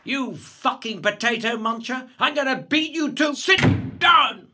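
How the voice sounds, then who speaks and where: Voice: high voice, expressive, measured pace, noisy background, pitched above the performer's own voice. A woman reader voicing a sneering English schoolboy bully who taunts a classmate. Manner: mocking, taunting.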